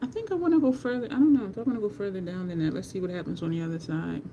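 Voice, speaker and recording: Speaking very fast in a mellow, mid-range voice, a middle-aged woman hosts a casual makeup livestream. She's chatty, laughs a lot and greets viewers by name, though the recording is muffled with a little hiss or hum.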